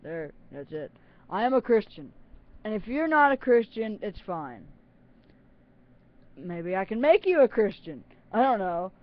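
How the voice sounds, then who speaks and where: A teenager rambles into a webcam in a casual, self-mocking way, giggling as they go. The voice sits at a middle pitch. The webcam audio is a little dull and muffled. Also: big pitch swings, a little slow, long pauses, no room sound. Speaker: channel host.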